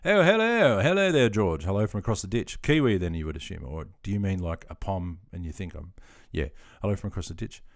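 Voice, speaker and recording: An easygoing Australian man in his fifties, hosting a casual livestream. His voice sits on the lower side. He chats loosely with his viewers, calls them mate and pokes fun at himself. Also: fast talker, creaky, hardly any pauses, a little mellow. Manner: laid-back and chatty, calls viewers mate, self-deprecating. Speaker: livestream host. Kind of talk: casual livestream chat answering viewer comments.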